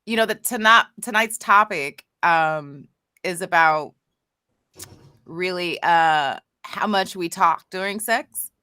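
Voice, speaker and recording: A woman's voice: lowish voice, slow pace, sharp tone, smooth, no room sound, clean studio sound. A woman co-hosting a casual podcast, talking candidly and reflectively with frequent restarts. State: emotional after crying. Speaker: co-host.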